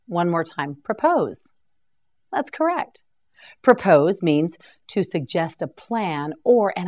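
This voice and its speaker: Woman teacher for a vocabulary drill, slow and deliberate, pitch moving up and down, a little low. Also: darkish tone. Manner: slow, carefully enunciated repetition with encouraging praise. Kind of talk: scripted vocabulary drill lesson.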